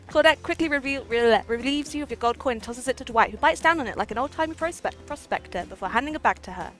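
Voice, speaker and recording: A woman's voice: fairly high pitch, brisk. A woman streaming a game live, chatting playfully with viewers, giggling often, and reading the game's text aloud. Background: faint game music.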